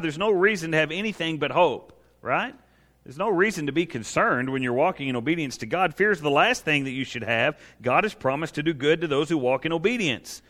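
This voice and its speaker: A man's voice: fairly high pitch, fairly bright tone. A man preaching a sermon as pastor, emphatic, with rhetorical tag questions, voicing God in first person to plead and reassure.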